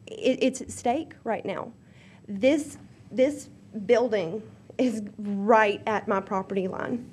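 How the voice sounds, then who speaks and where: A woman's voice: a little high, darkish tone, slight background noise. Nervous young woman. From Louisiana. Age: 20s. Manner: nervous and emotional, hesitant with many ums. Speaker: resident speaking at public hearing. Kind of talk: public comment at a zoning meeting. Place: public meeting room.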